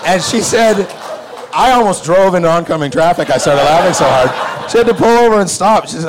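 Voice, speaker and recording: Animated man telling a stage anecdote. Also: sits high, fairly quick, crowd noise, background noise. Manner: animated, acts out the voices of others. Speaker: actor telling a set anecdote. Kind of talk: onstage storytelling. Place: stage before an audience in a hall.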